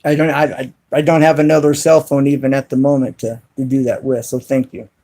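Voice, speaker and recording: A man hosting a casual live stream from his cell phone, talking to viewers in the chat and spelling words out slowly and deliberately. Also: medium pitch, little pitch movement, warm tone. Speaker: YouTube channel host live streaming.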